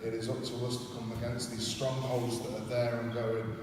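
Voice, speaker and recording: A man preaches a sermon with earnest, impassioned conviction, stepping into quoted prayers and scripture. His pitch stays fairly flat and even. He sounds distant from the mic in a big echoing hall. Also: moderate pace, few pauses, slight background noise. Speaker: pastor. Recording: echoey hall, from far off.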